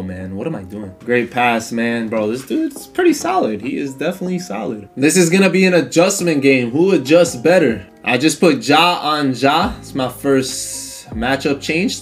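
A man commentating his own gameplay in casual slang. He swings from low muttering to sudden high, loud shouts at his opponent. His pitch sits mid-range, with soft music faintly underneath. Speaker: gaming streamer.

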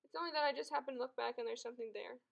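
A terse Spanish swordsman at the tiller, voiced by a woman with a gravelly creak and slightly raised pitch. Storybook reading, spare in words. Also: rapid-fire, highs cut off. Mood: plain. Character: Spanish swordsman sailor man.

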